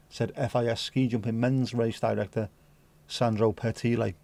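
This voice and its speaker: A man's voice: mid-range voice, level tone, moderate pace, gravelly, a little mellow. A man hosting a casual pub-style livestream, chatting and joking with mild swearing and reading news bits aloud. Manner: reads news excerpts aloud conversationally. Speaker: livestream host.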